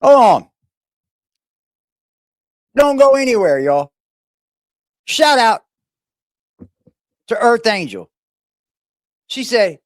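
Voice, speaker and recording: A man's voice: high voice, very animated, slow pace, pauses often, dry recording, clean studio sound. A man hosting a live stream in a casual, playful way, greeting chat viewers one by one.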